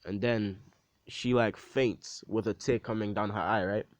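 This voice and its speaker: A man's voice: fairly low pitch, fairly even intonation, a little slow, slight background noise, low-quality recording. A man casually retelling a fan story in a rambling way, full of fillers.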